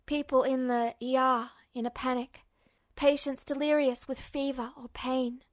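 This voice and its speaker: A woman reading fan fiction aloud as a podfic narrator, in a measured, steady way. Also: sits high, dry recording, studio quality. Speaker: podfic reader.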